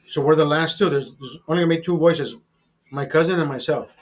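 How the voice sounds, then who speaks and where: A man hosting his own vlog, telling a story in a casual, profane and animated way, often repeating words when excited. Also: on the high side, a little fast, faint music behind. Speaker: vlog host.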